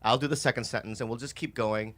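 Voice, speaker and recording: A man's voice: medium pitch, steady tone, fast talker, a bit bright. A man co-hosting a comedy podcast in casual chat, laughing often, swearing and repeating himself. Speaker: podcast co-host.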